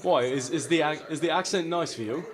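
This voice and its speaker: A man from California voicing an overly polite, old-fashioned male gentleman duelist, formal and courtly in game voice chat. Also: on the high side, brisk, a crowd in the background, voice pushed up, close to an everyday voice. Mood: courtly, boisterous. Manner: formal, courtly, keeps saying good sir. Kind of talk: in-game voice chat role-play.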